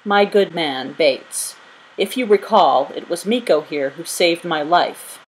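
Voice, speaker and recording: A woman voicing a fussy, fearful lanky male innkeeper, in a high-strung, wailing manner. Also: slow, slightly rough, rough recording. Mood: proud.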